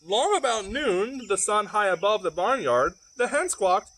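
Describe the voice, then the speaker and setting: A man's voice: high voice, very animated, moderate pace, a bit bright. A man reading a children's picture book aloud, with playful, chatty asides to the young listeners at home. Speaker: library storyteller. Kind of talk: children's story read-aloud.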